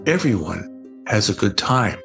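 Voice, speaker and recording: A man's voice: on the low side, very animated, a little slow, gravelly, a bit bright, soft background music, voice pushed down, full character voice. A man voicing a wise eight-year-old girl cousin in a storybook, earnestly explaining.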